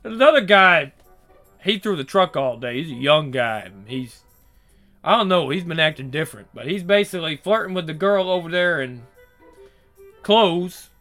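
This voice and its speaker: A man's voice: a little high, animated, normal speed, sharp tone, faint music behind. A young man telling workplace stories casually, swearing freely and acting out what each person said. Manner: profane, acts out quoted dialogue. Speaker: storyteller. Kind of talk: casual storytelling.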